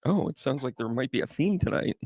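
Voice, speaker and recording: A man's voice: medium pitch, expressive, a little fast, darkish tone, no room sound, clean studio sound. A man hosting a live tarot reading stream, chatting casually and playfully with viewers and rambling through jokey asides. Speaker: psychic medium and tarot reader, live stream host.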